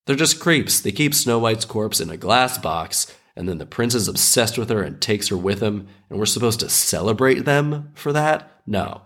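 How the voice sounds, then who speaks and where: A man hosting a podcast, retelling a fairy tale in a sardonic, animated way while still recovering from an illness. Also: on the low side, normal speed, hardly any pauses. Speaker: podcast host.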